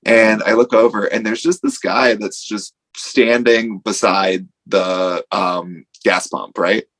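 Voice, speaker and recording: A man's voice: on the low side, fairly even intonation, takes it slowly, a bit bright, rough recording. A man, a wrestler guest on a podcast, telling a casual story with lots of "like" and acted-out quotes. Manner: rambling storytelling full of "like", acting out quotes.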